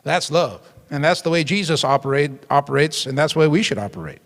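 A man's voice: fairly high pitch, expressive, a little fast, long reverb tail. A male pastor preaching to a youth group, emphatic, with frequent call-and-response asides. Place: church hall.

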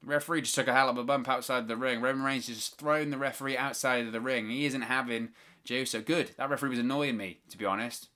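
Bright-voiced man calling wrestling live. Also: medium pitch, fairly even intonation, quick pace, few pauses. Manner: opinionated, exasperated rants. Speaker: watch-along host.

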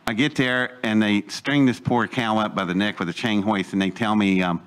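A man's voice: on the low side, steady tone, normal speed, fairly bright tone, clear, resonant tone. An older man telling a rambling, folksy story to an audience, acting out the voices of people he quotes. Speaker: speaker telling his life story.

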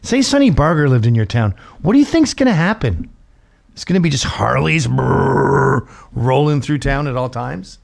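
Here a fiftysomething host from Britain recounts a comic tale laced with curses, bringing the quotes to life as he acts them out. The voice is fairly high with vocal fry, and the pace runs a little fast.

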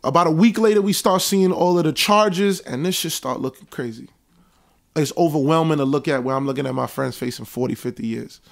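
A young man, casually recounting events in an animated storytelling monologue. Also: on the high side, fairly quick, creaky. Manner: animated, reenacts conversations in a raised voice. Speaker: show host recounting events.

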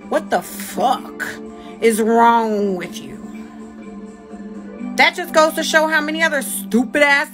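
A young woman, ranting and cursing heatedly as a livestream host. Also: high-pitched. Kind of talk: angry ranting commentary.

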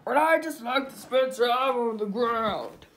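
A woman's voice: on the high side, unhurried, slight background noise. A woman voicing a laid-back toy eagle who likes staying on the ground. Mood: matter-of-fact.

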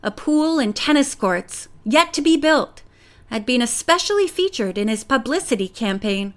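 High-voiced woman narrating a mystery novel. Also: animated, normal speed. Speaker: audiobook narrator. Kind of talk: audiobook narration.

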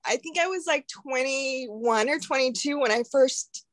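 A woman in her thirties on a video call, giving an emotional, earnest thank-you with halting pauses. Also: high voice, fairly bright tone, no echo. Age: 30s. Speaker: caller on a group call.

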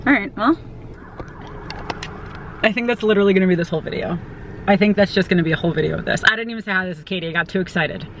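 A woman filming a giggly, excited travel vlog on her phone outdoors at a roadside attraction. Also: medium pitch, rapid-fire, pauses often, a little hiss or hum. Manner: giggly, easily amazed, chatty. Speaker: vlogger. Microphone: phone camera held in hand.

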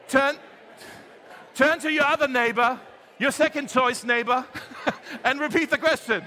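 Bright high-voiced pastor preaching in a hall. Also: male voice, moderate pace, pauses often, slight background noise. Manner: lively, jokey, talks straight to the congregation. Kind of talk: sermon. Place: church hall.

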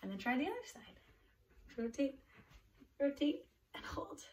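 A woman's voice: sits high, big pitch swings, measured pace. A woman reading a picture book and leading a children's yoga class, encouraging the kids in simple words. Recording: distant mic, faint background noise.

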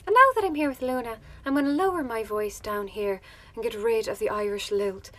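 A woman's voice: on the high side, fairly quick, a bit bright. A woman showing how she does character voices, explaining each technique as she goes. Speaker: voice impressionist. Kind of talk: voice acting tutorial.

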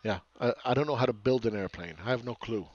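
A man's voice: medium pitch, quick pace, no room sound. A man in the middle of his range delivers a combative market rant, sarcastic and full of swearing, stumbling over repeated words as he presses his point. The sound is dull and lo-fi, close and dry with no room around it. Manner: repeats words and restarts phrases. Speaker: market commentator. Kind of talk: ranting market commentary.

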